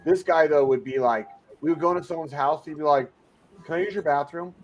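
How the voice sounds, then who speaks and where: A man hosting a casual podcast, telling crude stories full of swearing and jumping into high voices to mimic other people. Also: brisk, lo-fi sound. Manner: profane storytelling, mimicking people in raised voices. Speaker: podcast host.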